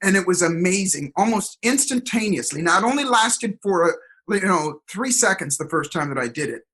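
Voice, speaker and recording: A man telling stories in an interview, energetic and expressive, acting out the voices of people he quotes. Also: sits high, moderate pace, husky, rough recording. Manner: energetic, expressive, acts out dialogue. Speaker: guest, performance coach. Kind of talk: animated storytelling interview.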